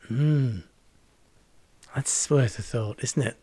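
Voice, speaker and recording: A man's voice: medium pitch, a little slow, long pauses, no room sound. A man in his sixties preaching a home video sermon, earnest and reflective, repeating words for emphasis. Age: 60s. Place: home setup with green screen.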